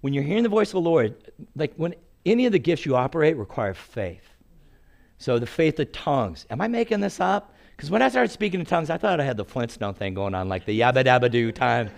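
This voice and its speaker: A man's voice: medium pitch, fairly quick, gravelly. Storytelling preacher man in his sixties. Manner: animated, acts out quotes, laughs at own stories. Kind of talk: storytelling sermon.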